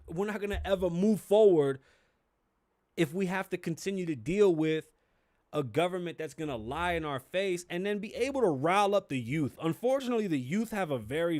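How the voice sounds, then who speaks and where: A man's voice: sits high, dry recording, clean studio sound. Fired-up New York man ranting. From the Bronx, New York. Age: 30s. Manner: profane, fired-up and emphatic, swings between shouting and muttering. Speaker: podcast host. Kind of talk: opinionated solo podcast rant.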